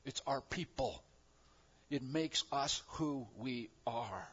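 A male pastor delivers a sermon at an ordinary mid pitch, sinking into hushed, reflective stretches and then rising into loud, emphatic proclamations. The recording sounds a little dull and lo-fi. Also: animated, slow pace, breathy edge.

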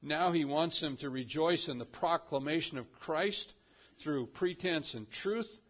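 A man preaching a sermon, swinging between loud emphatic declarations and quiet, drawn-out phrases. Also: fairly high pitch, highs cut off. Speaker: pastor.

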